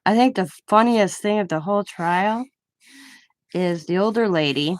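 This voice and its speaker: A woman's voice: mid-range voice, moderate pace, dry recording. A woman hosting a craft channel, chatting casually in a blunt, opinionated way and swearing freely. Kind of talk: casual chat while crafting.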